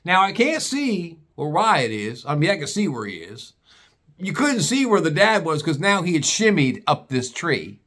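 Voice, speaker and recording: A man telling a funny story in a casual, animated way, mocking the people in it and swearing freely. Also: fairly high pitch, normal speed.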